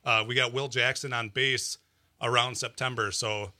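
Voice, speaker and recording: A man, a guitarist being interviewed on radio, tells an easygoing story full of ums and restarts. His voice is very bright and forward. The close studio mic keeps it completely dry. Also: medium pitch, steady tone, normal speed, dry recording. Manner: easygoing storyteller, many fillers and restarts, laughs. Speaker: band guitarist.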